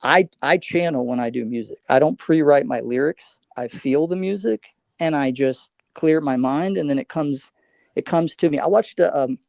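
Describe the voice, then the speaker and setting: A man's voice: fairly high pitch, moderate pace, gravelly, darkish tone, no echo. A man on a livestream panel, talking in a rambling, storytelling way full of restarts. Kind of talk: casual panel chat.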